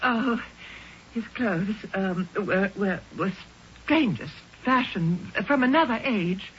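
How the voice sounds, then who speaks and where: An actress playing a timid spinster cousin in a radio drama, breathless and pleading, on a dull old broadcast with faint hiss. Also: female voice, mid-range voice, animated, slow. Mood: frightened. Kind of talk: 1970s radio drama acting.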